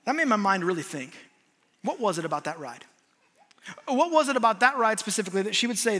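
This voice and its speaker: Speaking as a guest preacher in a large hall, a man tells a funny story on himself during a sermon. His voice is high-pitched and quick, and his delivery is animated and self-mocking.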